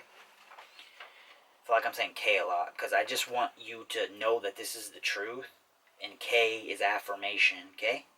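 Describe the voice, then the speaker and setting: A man's voice: lowish voice, sharp tone, distant mic, poor audio. A man hosting a self-help talk in a casual explainer style, often checking in with "okay?". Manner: repetitive, keeps asking "okay?". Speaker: self-help video host.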